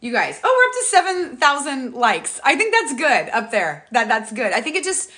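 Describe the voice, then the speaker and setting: Middle-aged woman, livestream host; fast, rambling, emotional chat, bright tone. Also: sits high. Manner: fast, rambling, restarts often; emotional and animated. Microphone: tablet mic, close.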